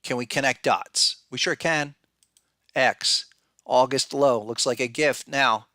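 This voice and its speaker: A man's voice: mid-range voice, slow pace, pushed and bright, no echo, clean studio sound. A man hosting a podcast, giving blunt, conversational market commentary and thinking aloud with frequent restarts. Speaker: podcast host and market analyst.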